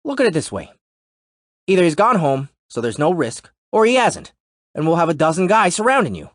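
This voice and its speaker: A man's voice: on the high side, very animated, fairly quick, no echo, clean studio sound, pitched above the performer's own voice. A man doing a wisecracking cop. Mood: breezy. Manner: wisecracking, breezy. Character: joking, laid-back male cop. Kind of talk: audiobook narration.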